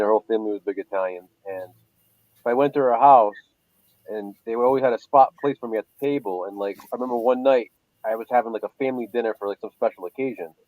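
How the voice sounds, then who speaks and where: A man's voice: on the low side, no echo, narrow, tinny audio. A man in his thirties chatting casually, telling rambling stories and crude jokes. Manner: crude joking, rambling storyteller. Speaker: podcast co-host. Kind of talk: casual chat.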